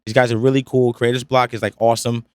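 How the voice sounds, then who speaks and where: A man's voice: medium pitch, little pitch movement, fast, clear, resonant tone, no echo. A young man, a podcast guest chatting casually in a laid-back, slangy, rambling way. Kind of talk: casual chat. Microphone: studio podcast mic.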